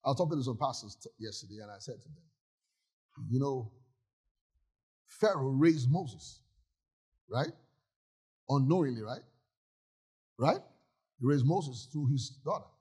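A man's voice: medium pitch, animated, a little slow, long pauses, darkish tone, husky. A male pastor preaching a sermon in a church, emphatic and often asking the congregation if they follow.

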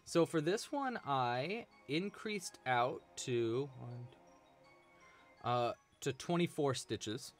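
Brief: male crochet host, rambling and chatty, lively pitch, faint music behind. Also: slow pace. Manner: chatty, rambling, many fillers. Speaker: crochet teacher, live stream host. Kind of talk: casual live-stream teaching.

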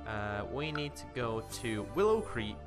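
A man's voice: mid-range voice, very animated, a little slow. Chatty young man narrating a life-sim game. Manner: chatty, talks to his game character. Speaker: gaming commentator. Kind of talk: casual let's-play commentary. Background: game music.

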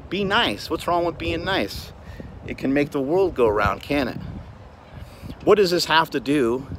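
A man's voice: fairly high pitch, animated, unhurried, a little hiss or hum. A man giving a blunt, preachy, profane motivational talk as the host of his own show, recorded on a phone outdoors. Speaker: gym owner and show host. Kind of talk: motivational monologue.

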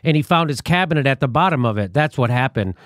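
A man's voice: medium pitch, expressive, fast talker, dry recording, studio quality. A male host running an interview with wry, upbeat remarks. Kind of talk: interview hosting.

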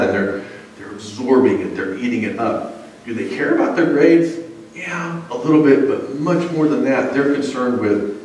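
A man preaching a sermon in a relaxed, conversational storytelling way, with frequent fillers, as a pastor who also teaches college. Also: medium pitch, moderate pace, a little hiss or hum. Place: church sanctuary. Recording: echoey church from a distance.

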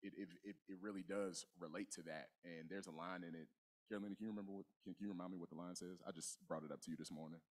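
A young man preaching a sermon in a church, telling his story in a relaxed, conversational way with frequent restarts. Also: deep voice, racing. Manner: conversational, testimony-style preaching with many restarts and "you know". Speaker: guest preacher. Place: church sanctuary.

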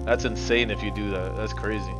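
A man's voice: lowish voice, fairly even intonation, fairly quick, loud music behind the voice. A man live-streaming a game, commenting casually, frustrated and swearing as he mutters to himself.

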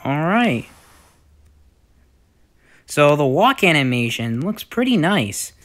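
A young man giving casual, rambling gameplay commentary with lots of fillers and sudden excited outbursts. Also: on the high side, slow pace. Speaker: gaming YouTuber.

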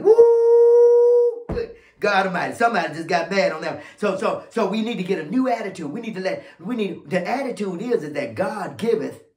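A pastor preaching a fiery sermon, swinging from shouting to low murmurs. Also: male voice, roomy sound. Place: church sanctuary.

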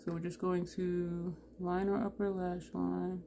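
Her voice is fairly low, gravelly, and dark, held in a level tone at a slightly slow pace. A beauty vlogger, she chats through a makeup tutorial, thinking aloud and correcting herself, with slight background noise present.

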